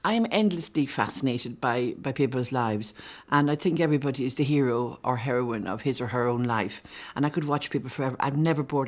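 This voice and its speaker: Brief: woman, sixties, novelist being interviewed, warm and chatty, stumbles and repeats words naturally. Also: very deep voice. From Ireland.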